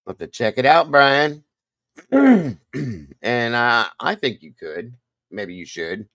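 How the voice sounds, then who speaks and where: A man's voice: mid-range voice, expressive, unhurried, bright, forceful tone, no echo. An older man hosting a casual livestream, rambling and greeting viewers one by one by name. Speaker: livestream host.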